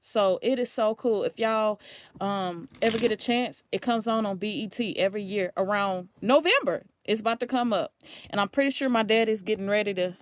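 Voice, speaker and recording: A woman's voice: medium pitch, normal speed, no echo. Chatty Louisiana woman. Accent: Louisiana, with some New Orleans. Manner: chatty and rambling, blunt with swearing. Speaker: tarot reader. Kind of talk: casual livestream chat.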